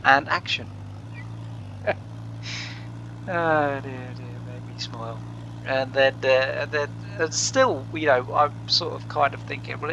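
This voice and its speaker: A man's voice: medium pitch, gravelly, lo-fi sound, background noise. A man hosting a farming game let's play from his living room, chatting casually with lots of fillers and chuckles. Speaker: gaming channel host.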